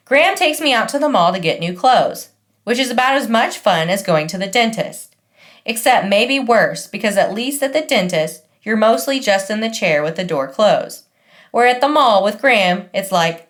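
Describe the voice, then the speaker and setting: A woman's voice: medium pitch, expressive, moderate pace. A woman reading a first-person audiobook in a wry, conversational manner. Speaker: audiobook narrator.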